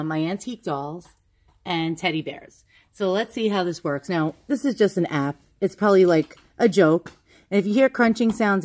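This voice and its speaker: A woman casually talking through a ghost hunting session at home, asking slow questions aloud with pauses in between. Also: lowish voice, darkish tone. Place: indoors at home with a dog nearby.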